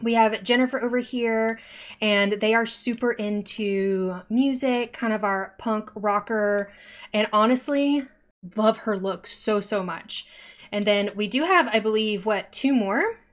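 A woman's voice: medium pitch, measured pace. A young woman giving casual, chatty commentary while streaming a life-simulation game, often talking straight to the characters.

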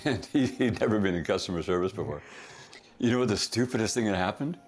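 A middle-aged man, a company founder, telling stories in a casual, animated way, often laughing at himself. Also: lowish voice, quick pace, soft background music. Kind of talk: casual anecdotal storytelling.

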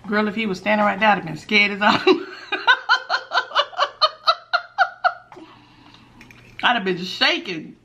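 A middle-aged woman hosting a mukbang at home, chatting casually with viewers while eating and sometimes dropping to a hushed voice. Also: mid-range voice, fast, few pauses. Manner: chatty, talks while chewing, drops to a hushed voice for gossip. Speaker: mukbang host.

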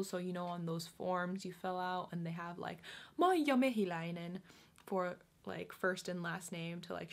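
A young woman giving a casual pronunciation lesson, patiently repeating each word slowly and carefully. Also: on the low side. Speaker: language teacher.

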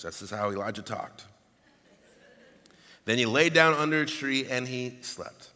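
A man preaching a sermon as pastor, reading scripture aloud in an animated way. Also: medium pitch, moderate pace. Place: church sanctuary. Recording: long hall reverb.

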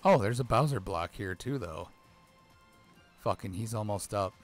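A man's voice: on the low side, lively intonation, moderate pace, soft background music. A man who is a gaming dad, giving profane, grumbling let's play commentary on a video game. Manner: swears a lot, grumbles at the game. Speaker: gamer dad.

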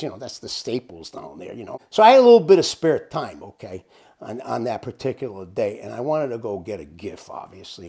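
Storyteller, male, husky voice, very animated, salty language, casual yarn-spinning. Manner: animated, swears freely, wide swings in pitch. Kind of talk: casual anecdote telling.

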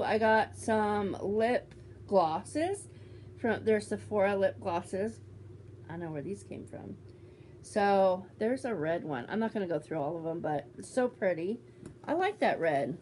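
A woman's voice: medium pitch, darkish tone, a little hiss or hum. Bubbly, teasing woman unboxing on camera. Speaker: beauty vlogger. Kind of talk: casual unboxing vlog.

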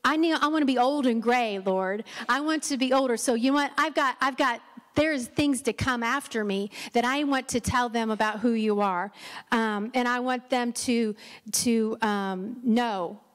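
A woman's voice: fairly high pitch, moderate pace, a bit bright. A middle-aged woman giving an encouraging Mother's Day sermon from a church stage, often stumbling and restarting her sentences. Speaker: pastor's wife preaching. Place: church sanctuary. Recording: long church hall reverb.

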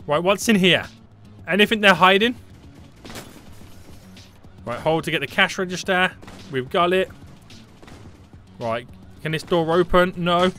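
A man giving live gameplay commentary, panicky and excitable, often repeating short phrases. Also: high voice, a little slow, pauses often, soft background music. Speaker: gaming YouTuber.

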